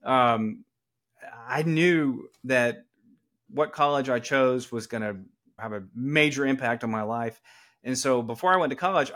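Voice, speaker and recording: A middle-aged man from Atlanta with a Southern accent, telling stories in a conversational podcast interview and acting out the people he quotes. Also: medium pitch. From Atlanta, Georgia, US. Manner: animated storyteller who acts out quoted people. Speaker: attorney, podcast guest. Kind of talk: conversational storytelling.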